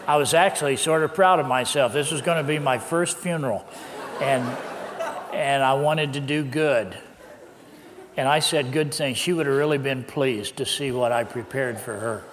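An older man, a pastor, telling a personal story in a sermon with lively, laughing delivery. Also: mid-range voice, moderate pace, noisy background. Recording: long hall reverb.

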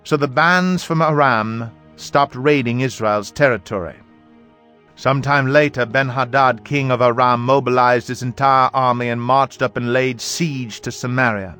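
A man reads scripture aloud at a measured, even pace. His voice sits at an ordinary middle pitch for a man. Soft music plays quietly behind him. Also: clean tone. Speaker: Bible reader. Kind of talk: scripture reading. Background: faint background music.

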